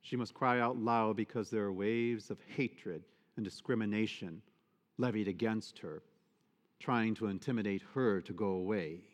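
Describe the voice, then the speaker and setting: A male priest giving a sermon, expressive and emphatic, often asking the congregation rhetorical questions. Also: lowish voice, moderate pace. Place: church. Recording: long church reverb.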